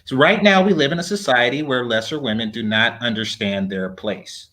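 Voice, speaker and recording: A man on a podcast as the guest, lecturing in a measured way with halting restarts. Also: medium pitch, sharp tone. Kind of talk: casual podcast debate.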